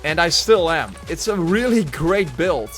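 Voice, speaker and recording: A man's voice: fairly high pitch, very animated, a little slow, a bit bright. A man streaming a Minecraft world, chatting casually and rambling with many fillers and restarts over faint background music. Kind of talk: casual Minecraft livestream commentary.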